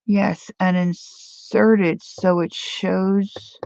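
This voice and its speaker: A woman's voice: fairly low pitch, expressive, unhurried, gravelly, dry recording, highs cut off. A woman hosting a live crafting stream, chatting casually and thinking aloud while she works, with playful sound-words. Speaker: crafting livestream host.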